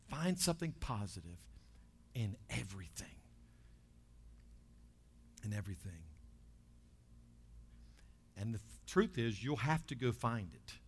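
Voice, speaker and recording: A man preaching to his congregation. He swings from loud, lifted bursts down to quiet, low asides. His voice sits at an ordinary middle pitch. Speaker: pastor. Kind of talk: sermon.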